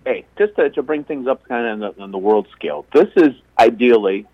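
A man's voice: medium pitch, animated, fairly quick, slightly rough, no room sound. A man calling into a talk radio show, making an earnest, argumentative point. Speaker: caller. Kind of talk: opinionated call-in talk. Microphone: telephone. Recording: dull phone line.

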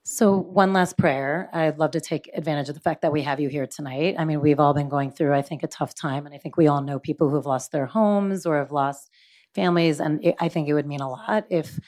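A woman's voice: deep voice, fairly quick, a little mellow. A woman hosting a live event, interviewing a guest in a playful, chatty way. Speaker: host.

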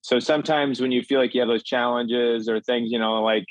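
A man's voice: medium pitch, brisk, few pauses, no room sound, lo-fi sound. A middle-aged man from Minnesota, a podcast guest telling a personal story in an earnest, candid way. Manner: earnest, animated when acting out quotes.

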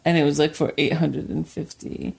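A woman co-hosting a podcast in casual chat, animated and laughing often, her voice jumping up when she gets excited. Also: low voice, normal speed, vocal fry, breathy edge. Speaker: podcast co-host.

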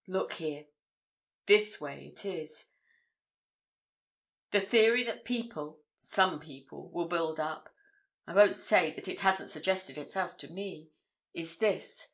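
A woman's voice: fairly low pitch, takes it slowly, long pauses. A woman reading the part of a blunt, eager young male journalist, hearty and emphatic in his protests. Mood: earnest.

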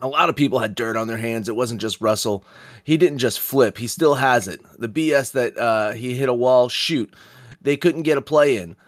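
A man's voice: medium pitch, moderate pace, dry recording, clean studio sound. A man hosting a sports podcast in casual, profane chat, rambling and reading quotes aloud. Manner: rambling, swears often, reads quotes aloud. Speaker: podcast host.

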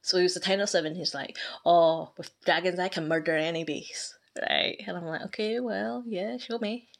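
A woman's voice: fairly low pitch, normal speed, vocal fry. Ranting, amused woman gamer. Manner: ranting, amused, laughs often. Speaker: gaming clan leader. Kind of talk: casual chat.

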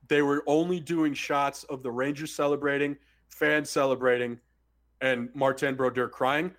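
A man's voice: on the high side, fairly bright tone. A profane, ranting man on a podcast. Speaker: podcast co-host. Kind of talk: casual sports podcast chat.

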